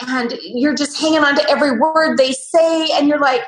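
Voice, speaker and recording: Woman, high voice, animated storyteller, roomy echo. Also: a little fast. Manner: lively, acts out quoted voices. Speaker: interview guest.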